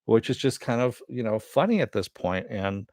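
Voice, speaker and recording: Male reviewer, lower register, dry booth sound; loose conversational recap full of fillers. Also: expressive, moderate pace, a little mellow, no room sound. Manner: rambling, many "you know" and "uh" fillers. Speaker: TV episode reviewer. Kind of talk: casual episode recap.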